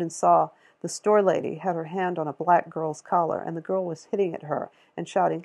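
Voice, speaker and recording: Female audiobook narrator, gravelly with vocal fry, measured reading. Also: lowish voice, fairly even intonation, darkish tone, highs cut off. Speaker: audiobook reader. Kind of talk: reading a novel aloud.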